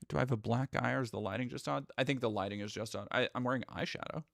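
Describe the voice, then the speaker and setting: A man's voice: medium pitch, rapid-fire, creaky, dry recording, clean studio sound. A man live streaming, rambling through sarcastic casual commentary with lots of restarts.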